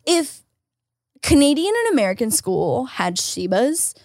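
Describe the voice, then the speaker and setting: A young adult woman co-hosting a podcast, chatting casually, excitable and gushing, laughing often. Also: fairly high pitch, measured pace, no echo, studio quality. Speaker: podcast co-host. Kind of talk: casual chat.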